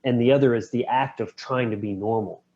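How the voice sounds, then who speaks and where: A man co-hosting a podcast, retelling film scenes in a relaxed, slangy way. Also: mid-range voice, brisk, dull audio. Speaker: podcast co-host. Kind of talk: casual film discussion.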